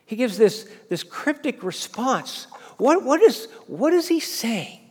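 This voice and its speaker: A male preacher delivers a sermon as lively storytelling, stumbling over and repeating words as he goes. His voice sits high for a man. Long reverb from a big hall hangs behind every phrase. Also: slow pace, breathy edge. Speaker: preacher, fundraising minister.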